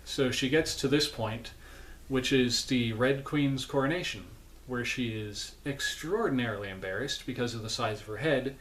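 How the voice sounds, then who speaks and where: A man's voice: mid-range voice, moderate pace, a bit bright. A sleepy man recapping a film from home in a casual, rambling way, correcting himself and making chatty asides. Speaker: vlogger.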